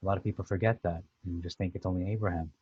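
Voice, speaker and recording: Guy going through bible verses, lowish voice, kinda muffled dry recording, lots of uhs. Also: steady tone, rapid-fire, breathy edge, no echo. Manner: thoughtful, conversational, restarts with "uh". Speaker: Bible teacher. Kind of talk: casual scripture commentary.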